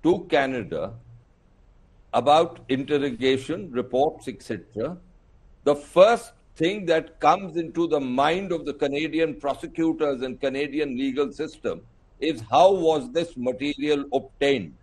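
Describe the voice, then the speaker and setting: Indian guy on a tv news panel, pretty high voice, pushy, keeps asking rhetorical questions. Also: measured pace, slightly rough. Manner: forceful, argumentative, rhetorical questions. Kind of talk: televised news debate.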